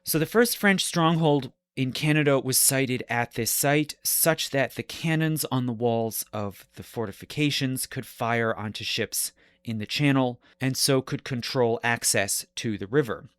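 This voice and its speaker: A man hosting a history podcast, explaining the geography in a measured lecture style and correcting himself as he goes. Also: mid-range voice, clear, resonant tone, no room sound.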